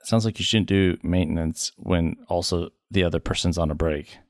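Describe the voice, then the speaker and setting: Deep gravelly man asking questions. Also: fairly even intonation, moderate pace, dry recording, studio quality. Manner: asks short questions and gives brief reactions. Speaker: podcast co-host. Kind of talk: casual podcast discussion.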